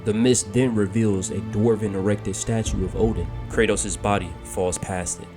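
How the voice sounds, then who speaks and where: Low-voiced man narrating over loud music. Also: normal speed. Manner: steady descriptive storytelling. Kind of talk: scripted narration of a fan-made game story.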